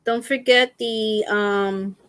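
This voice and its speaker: A woman's voice: medium pitch, fairly even intonation, takes it slowly, a bit bright, no room sound. A middle-aged woman chatting casually on a live stream from home, laughing often as she tells stories to her viewers. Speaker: crochet channel host. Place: at home, lying down with feet raised. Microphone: laptop.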